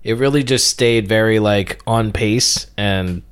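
A man's voice: lowish voice, unhurried, clear, resonant tone. A young man in casual podcast chat, easygoing and enthusiastic with many fillers.

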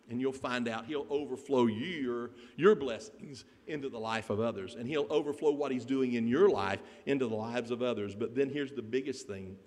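A man preaching a sermon, telling a Bible story in an animated way and putting questions to the congregation. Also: mid-range voice. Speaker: pastor. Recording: echoey hall.

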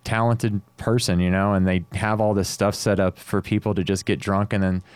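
Laid-back low-voiced sound guy. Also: normal speed, clean tone, no room sound. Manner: laid-back, swears often, animated when quoting. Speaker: audio engineer guest. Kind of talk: casual chat.

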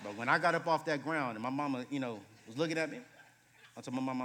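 A man in his late thirties, a guest preacher telling humorous stories in a sermon, moving between loud bursts and hushed moments. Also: mid-range voice, fast talker, a little hiss or hum. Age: 30s. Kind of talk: sermon with storytelling. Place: church sanctuary. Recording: reverberant church hall.

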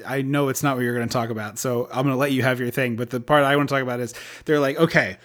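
Animated, chatty podcast co-host. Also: medium pitch. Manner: animated, quick storyteller with asides. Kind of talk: casual movie recap chat.

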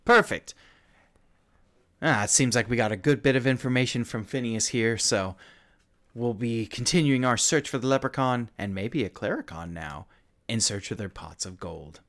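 A man's voice: medium pitch, moderate pace, fairly bright tone, close to an everyday voice. A man voicing a male TV documentary host on location, using a presenter delivery with some hesitations, in a tabletop role-play. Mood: presenting.

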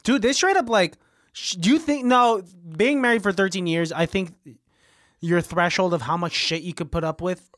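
Podcast co-host, man with a high voice, jokey and sweary, dry close mic. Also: moderate pace, a bit bright, no room sound. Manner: joking, laughs often, swears casually. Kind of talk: casual movie recap chat.

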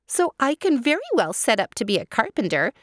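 A high, chattering storybook hare, flighty and talkative, her voice leaping up and down as a woman puts her on. The sound is dry and close. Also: big pitch swings, fairly quick, no echo. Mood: chatty.

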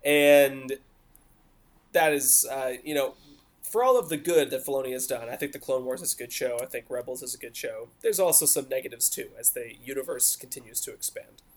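Guy on a podcast, mid pitch, talks a lot, explains stuff, laughs here and there. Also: fairly quick. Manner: explanatory, talkative, laughs often. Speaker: podcast co-host. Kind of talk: casual podcast discussion.

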